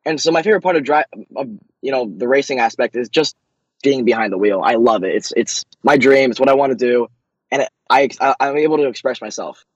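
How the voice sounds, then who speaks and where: A young man, a racing driver, answering interview questions eagerly, with many quick restarts. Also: mid-range voice, husky, no room sound, dull audio.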